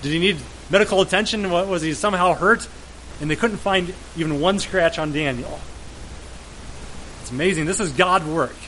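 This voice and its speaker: High-voiced male preacher, faint hiss. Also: normal speed, long pauses, fairly bright tone, low-quality recording. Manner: storytelling, repeats words while reading scripture. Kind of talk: sermon.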